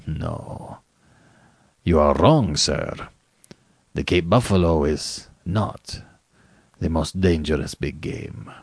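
A man reading a story aloud, voicing a suave, menacing aristocratic male hunter who speaks slowly and with courtly politeness. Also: fairly low pitch, sing-song, a little mellow, no echo, studio quality, full character voice. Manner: slow, measured, courtly. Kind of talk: audiobook reading.

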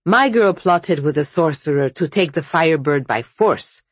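A woman voicing a proud, malicious old witch grandmother in a storybook reading, speaking sharply and imperiously, a little above her low, husky narrating voice. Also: animated, measured pace, no echo, heavily acted. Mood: cold.

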